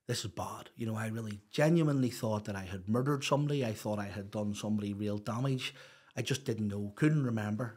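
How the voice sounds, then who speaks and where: A middle-aged man, telling a raw personal story as a podcast guest, halting and restarting often. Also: medium pitch. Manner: raw, confessional, halting with many restarts and fillers.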